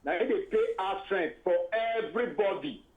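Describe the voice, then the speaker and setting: A man's voice: sits high, moderate pace, phone-quality sound. A man with a Nigerian accent on a live video call, speaking in pidgin. He rants heatedly, makes accusations and repeats himself.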